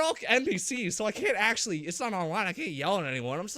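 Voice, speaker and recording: A man co-hosting a gaming podcast, chatting casually, swearing a lot and acting out his reactions in a loud, high voice. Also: sing-song, fast, few pauses, no room sound. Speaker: podcast co-host. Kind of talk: casual chat.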